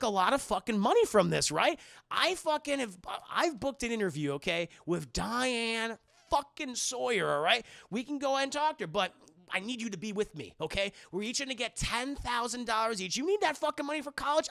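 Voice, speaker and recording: A man's voice: very high voice, vocal fry, sharp tone, no echo, studio quality, voice pushed up, full character voice. A man playing a pushy, money-hungry hustler. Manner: wheedling, repeats himself, swears.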